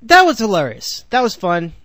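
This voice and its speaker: Animated young man ranting about sports. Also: high voice, normal speed, no room sound. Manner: rambling, self-correcting, sarcastic asides. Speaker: podcast host. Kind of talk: solo sports podcast monologue.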